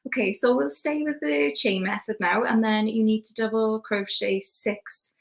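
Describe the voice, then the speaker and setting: A young woman with a Welsh accent walks viewers through a crochet project one stitch at a time. She talks in a relaxed, chatty way while her hands work, her voice a little high with a gravelly edge. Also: moderate pace, poor audio. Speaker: crochet teacher. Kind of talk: step-by-step craft demonstration.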